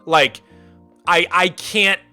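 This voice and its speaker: Chatty young American man, bright voice. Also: sits high, drawn-out words, soft background music. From United States. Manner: rambling, filler-heavy, often says "like". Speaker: streamer. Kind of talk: casual chat, reading out chat messages.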